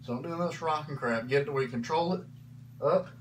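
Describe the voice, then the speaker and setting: A man's voice: a little high, fast, rough recording. A man casually coaching arm exercises on his channel, a little out of breath as he demonstrates, with a faint hum in the background. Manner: casual, coaching, says y'all and frickin'. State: slightly out of breath. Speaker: fitness vlogger.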